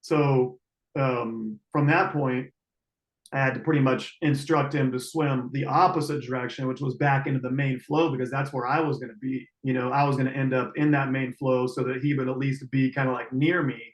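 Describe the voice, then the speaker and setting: A man telling a river rescue story in casual, halting speech full of fillers and restarts, heard over a video call. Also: medium pitch, steady tone, roomy sound, low-quality recording.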